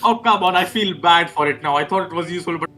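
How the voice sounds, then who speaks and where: Male player, bright and flustered, trips over his words. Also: a little high, quick pace. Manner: flustered, stammering. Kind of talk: tabletop game chat.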